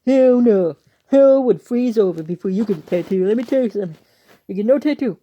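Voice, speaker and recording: A woman's voice: a little high, animated, brisk, warm tone, lo-fi sound, voice pushed up. A woman putting on the voice of her stubborn middle-aged father, scolding and emphatic.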